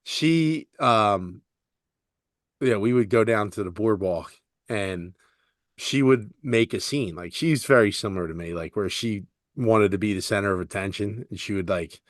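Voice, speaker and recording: A man's voice: measured pace, dry recording, clean studio sound. A young man co-hosting a podcast in casual chat, telling stories animatedly and acting out voices. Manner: animated storyteller, acts out voices with big pitch jumps. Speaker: podcast co-host.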